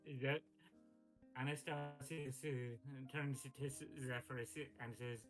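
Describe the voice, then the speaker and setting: A man player speaks slowly and haltingly, stumbling through his character's lines with frequent "uh"s. Soft guitar music plays behind him. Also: mid-range voice, fairly even intonation. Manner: halting, with many "uh"s. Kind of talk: casual tabletop play.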